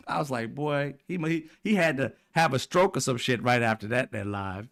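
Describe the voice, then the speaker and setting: A man's voice: normal speed, gravelly, hardly any pauses, fairly bright tone. Profane, mocking male political ranter. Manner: profane, mocking, laughs often, mimics people in high voices. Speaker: political commentary host. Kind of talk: animated political rant.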